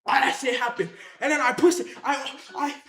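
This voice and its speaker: An animated storyteller telling a wild story to camera in casual slang, acting out scenes with sound effects, repeated phrases and shouted lines. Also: sits high, brisk, echoey room, crowd noise.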